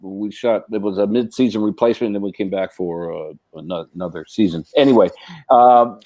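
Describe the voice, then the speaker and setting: A man's voice: on the low side, fairly quick, a little mellow, no echo. Rambling middle-aged man telling stories. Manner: rambling storyteller, many restarts and fillers. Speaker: guest actor. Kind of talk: casual anecdote telling.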